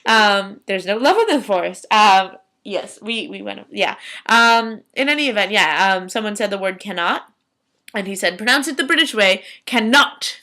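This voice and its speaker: Bright-voiced young woman chatting. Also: mid-range voice, moderate pace. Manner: rambling, lots of ums and restarts. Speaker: vlogger on a student theater trip. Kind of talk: casual video journal chat.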